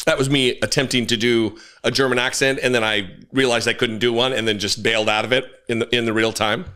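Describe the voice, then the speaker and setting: A man with a mid-range voice hosts his own political commentary show. He is angry and animated, swearing bluntly and tossing in quick asides.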